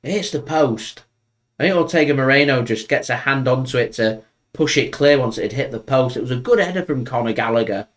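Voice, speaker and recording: A man hosting a live football watchalong, chatting opinionatedly and breaking into excited play-by-play. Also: medium pitch, a little fast. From England. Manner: chatty, opinionated, bursts up for match action. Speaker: football fan channel host. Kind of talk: live match watchalong commentary.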